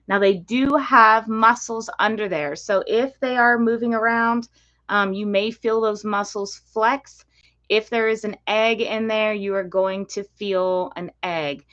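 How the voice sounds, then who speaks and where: A woman breeder hosting a casual live stream, gently explaining and demonstrating with many ums. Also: medium pitch, muffled recording. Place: indoor reptile room with enclosures.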